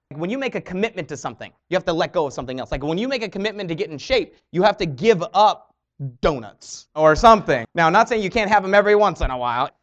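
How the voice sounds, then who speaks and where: A young man speaks to an audience in a bright, high voice that leaps up and down with each point he makes. He talks in a motivational style and slips into quick little impressions of other people. The recording sounds dull and lo-fi. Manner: animated, acts out quoted voices. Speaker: network marketing speaker.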